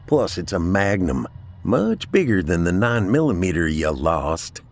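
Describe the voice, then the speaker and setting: A man reading aloud and voicing a firm, gruff male army veteran who speaks tersely. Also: low-pitched, very animated, measured pace, faint music behind, exaggerated voice.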